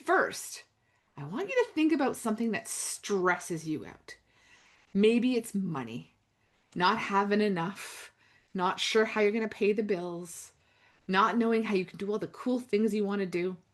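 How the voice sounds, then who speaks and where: A woman coaching listeners through spoken affirmations, slow and intimate, with dramatic pauses and drops to a near whisper. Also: medium pitch, expressive. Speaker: self-help coach. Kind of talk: guided affirmation talk.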